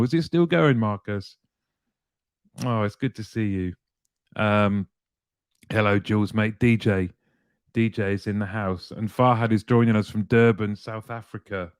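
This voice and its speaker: A man's voice: medium pitch, darkish tone, clean tone, no room sound, clean studio sound. A man hosting a casual livestream, chummy as he greets viewers by name and reads out their comments. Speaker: livestream host reading chat. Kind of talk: casual chat.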